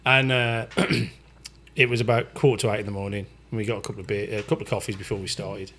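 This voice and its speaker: A man's voice: lowish voice, flat delivery, fast talker, fairly bright tone, slight background noise. A middle-aged man co-hosting a podcast, chatting casually, swearing and laughing as he tells a story. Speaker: podcast co-host.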